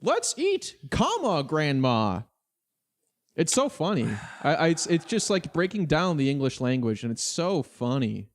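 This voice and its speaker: Male podcast co-host, higher-pitched voice, sarcastic, casual joking. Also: normal speed, hardly any pauses. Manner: sarcastic, joking, fond of swearing. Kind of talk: casual comedic chat.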